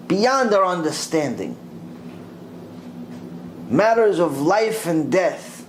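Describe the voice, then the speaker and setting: Animated male rabbi telling a story. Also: fairly high pitch, slight background noise, rough recording. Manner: animated storytelling, mixing in Hebrew religious terms. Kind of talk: Torah lecture.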